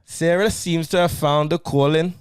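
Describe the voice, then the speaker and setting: A man's voice: a little high, steady tone, moderate pace, clear, resonant tone, no echo, voice pushed up, natural voice. A man reading a film synopsis in a clumsy put-on Liverpool accent, breaking into giggles. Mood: mock Scouse.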